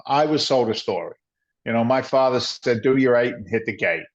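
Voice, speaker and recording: A middle-aged man tells his story with animated energy and a blunt, salty edge, slipping in bits of other people's dialogue. His voice sits at a medium pitch. The audio is dull and lo-fi. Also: moderate pace. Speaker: guest, former firefighter turned real estate investor. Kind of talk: conversational storytelling.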